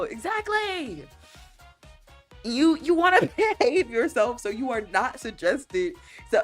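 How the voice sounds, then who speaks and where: A woman streamer chatting casually and playfully. Her voice leaps up and down, and she laughs through her lines while reading out chat messages and teasing her viewers. Faint music plays quietly behind her. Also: medium pitch. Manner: laughs often, reads chat aloud and answers it. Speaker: livestreamer.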